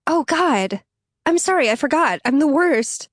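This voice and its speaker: Woman narrator doing an earnest, flustered young woman in mourning, pitched well above her own voice, apologetic and breathless, audiobook dialogue in a dry studio. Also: lively intonation, measured pace, no echo. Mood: tearful, flustered.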